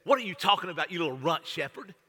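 A jealous older brother sneers and mocks, pitched a little high, as a preacher acts him out. The voice is bright and edged, and it rings out with a long hall reverb. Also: male voice, very animated, fast talker, breathy edge, full character voice. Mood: scornful. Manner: sneering, belittling. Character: scornful jealous older brother, young man.

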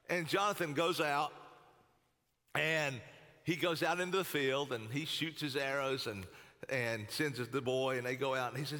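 Bright-voiced preacher in an echoing hall. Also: male voice, mid-range voice, normal speed. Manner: lively, casual, peppered with slang. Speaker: pastor. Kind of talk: sermon storytelling. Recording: long hall reverb.

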